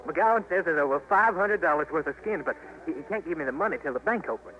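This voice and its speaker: An actor playing an earnest young trapper with a plainspoken, folksy drawl, in a 1950s radio drama. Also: male voice, fairly high pitch, animated, fast talker, fairly bright tone, poor audio. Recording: hissy 1950s radio broadcast.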